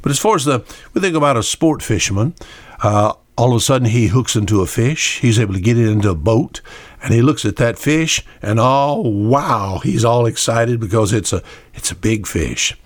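A man's voice: mid-range voice, lively intonation, normal speed, dry recording. Older male radio preacher, conversational and folksy, dry close sound. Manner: folksy, conversational, repeats key words for emphasis. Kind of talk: radio sermon.

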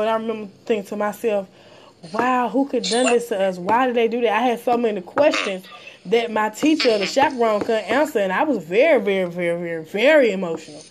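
A woman talking bluntly and passionately in a casual podcast chat, often repeating words when worked up. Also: medium pitch.

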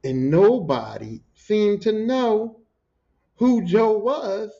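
A man hosting a podcast, telling animated, profane stories about his job as a pile driver. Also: high-pitched, drawn-out words, creaky. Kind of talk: casual storytelling. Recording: dull lo-fi recording.

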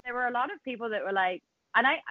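A woman's voice: fairly high pitch, fast, crowd noise. Blunt woman on a tinny call. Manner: blunt, animated, swears freely. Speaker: podcast guest. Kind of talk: casual interview chat. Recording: tinny phone-like call audio.

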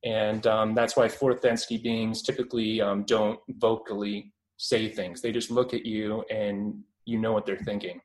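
A man's voice: lowish voice, level tone, moderate pace, hardly any pauses, rough recording. A man in his twenties with a Canadian accent, a guest on a radio interview, talking through his experiences with lots of fillers and restarts. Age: 20s. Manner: hesitant, many fillers and restarts.

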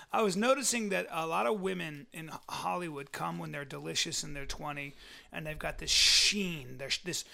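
A high-pitched man with a bright, gravelly edge holds forth on a crude comedy podcast. He rambles through a long-winded point and keeps insisting on finishing it. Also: moderate pace. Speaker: podcast co-host.

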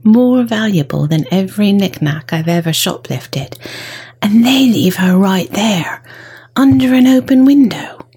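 A woman voicing a scheming petty male thief in a storybook, muttering scornfully to himself in a husky voice. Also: medium pitch, lively intonation, measured pace, dark tone, voice pushed up.

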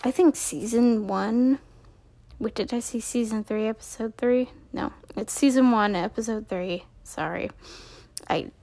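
A woman's voice: a little high, unhurried, dark tone, dry recording. A young woman recapping a TV episode in a casual, rambling way, full of "like" and acted-out character lines, sounding tired.

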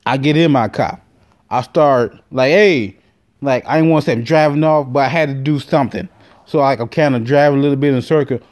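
A man hosting a podcast, telling a comic story in an animated, profane way with many fillers. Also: medium pitch, fast talker. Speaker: podcast host. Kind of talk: comedic storytelling monologue.

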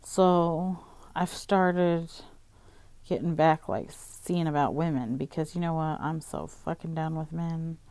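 Exasperated woman ranting with a mellow voice. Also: low-pitched, slow, no room sound. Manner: profane, exasperated, heavy use of "like". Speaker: vlogger. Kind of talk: casual storytime rant.

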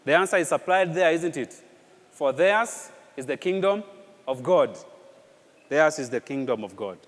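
A man preaching a sermon with a slightly high voice. He repeats phrases and asks rhetorical questions with animated emphasis. His voice carries a long reverb from a church hall. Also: unhurried. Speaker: pastor.

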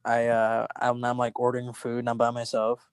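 A young man trades stories with his friends on a podcast, rambling and laughing easily. His voice is pitched in an ordinary middle range and sounds close and dry, with no room around it. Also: monotone, moderate pace, smooth, no room sound. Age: young adult. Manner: rambling, lots of "like", laughs often. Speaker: podcast co-host. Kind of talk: casual chat among friends.

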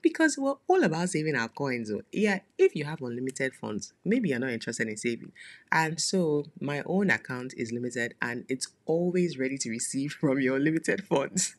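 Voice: medium pitch, very animated, moderate pace. A podcast host talking casually in a solo monologue, chatty and playful, with frequent laughing asides.

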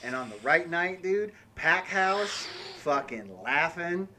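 Deadpan man over background noise. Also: on the high side, slow. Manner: dry, deadpan teasing. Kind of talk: casual chat.

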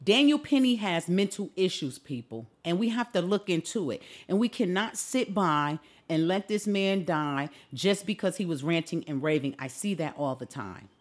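A woman's voice: fairly low pitch, expressive, moderate pace, few pauses. Fired-up lady ranting on her podcast, voice jumps all over the place, lots of rhetorical questions. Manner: impassioned, indignant, rhetorical questions. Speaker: podcast host. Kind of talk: opinionated solo podcast commentary.

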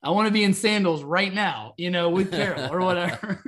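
A man's voice: high voice, brisk, a crowd in the background. A man co-hosting a podcast, telling stories in casual chat and acting out quoted lines with laughter. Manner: animated storyteller, acts out quotes with laughs. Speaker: podcast co-host.

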